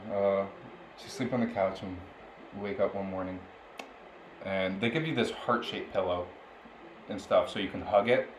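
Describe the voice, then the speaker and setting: A young man co-hosting a podcast tells a story in relaxed conversation, laughing often as he goes. His voice sits low, his pace is moderate, and he leaves long pauses. The room sounds roomy, with faint background noise.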